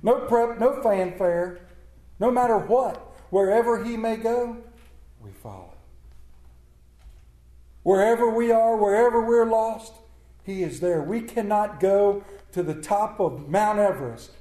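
Earnest preacher guy, kinda high, mellow tone, goes quiet a lot, echoey. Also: expressive, a little slow. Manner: earnest, repeats key words, drops to hushed tones. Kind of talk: sermon.

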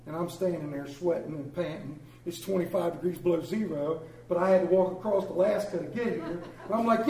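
Preacher guy spinning funny stories in a sermon, kinda high voice, echoey church. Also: a little fast, dark tone. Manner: folksy storytelling with comic exaggeration. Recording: echoey room.

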